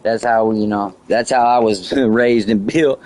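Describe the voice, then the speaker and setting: A man on a live game stream, casually telling a story in a profane, excitable way. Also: lowish voice, measured pace. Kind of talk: casual storytelling while gaming.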